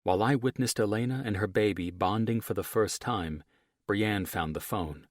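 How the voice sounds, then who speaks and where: A male audiobook narrator reading in first person with a wry, profane, lively storytelling manner. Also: lowish voice, moderate pace, no echo, studio quality.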